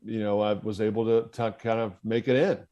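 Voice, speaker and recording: A former US Marine officer, a man with a lowish, steady voice, tells his story as a podcast guest, brisk and mellow. The audio is dull. He's candid and profane, laughing at himself in casual conversational storytelling.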